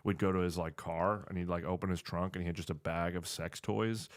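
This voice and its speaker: A young man with a very low voice chats loosely on a podcast. He strings stories together with lots of "like" and easy laughs, relaxed and unhurried. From New Jersey. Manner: relaxed storytelling with laughs and filler words. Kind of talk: casual chat.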